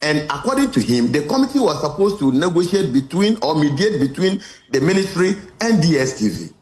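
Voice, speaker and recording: A man's voice: fairly high pitch, very animated, a little mellow. A man answering interview questions earnestly, often stopping to repeat himself. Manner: earnest, halting, repeats words. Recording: roomy echo.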